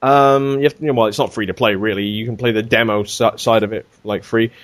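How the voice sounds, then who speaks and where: A man telling a gaming story on a casual podcast, animated and swearing freely. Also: on the low side, a little fast. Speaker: podcast regular.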